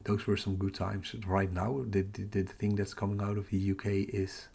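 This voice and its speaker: A Dutch man from the Netherlands hosts a casual astrophotography livestream, reading comments and chatting with viewers while muttering to himself as he tracks captures. His voice is on the low side, mellow and husky, with vocal fry, little pitch movement, and a normal speed.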